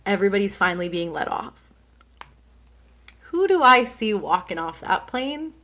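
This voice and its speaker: A woman's voice: medium pitch, very animated, moderate pace, a bit bright. A young woman co-hosting a podcast, telling a story animatedly, laughing often and quoting the people in it. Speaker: podcast co-host. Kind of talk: casual storytelling.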